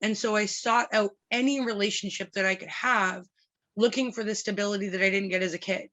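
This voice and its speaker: A woman in her thirties, medium-pitched and speaking a little fast, appears as a podcast guest. She tells stories frankly and animatedly, with swearing and laughter, in a candid conversation.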